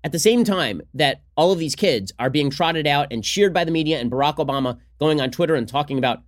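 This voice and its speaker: Male podcast host, sarcastic and combative, rapid-fire delivery, slightly high voice. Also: animated. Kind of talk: fast solo political commentary.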